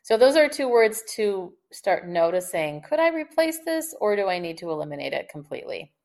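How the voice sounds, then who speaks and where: Animated woman coaching on speech. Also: mid-range voice, fairly quick. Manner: animated, laughs often while explaining. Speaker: communication expert guest. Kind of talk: conversational podcast interview.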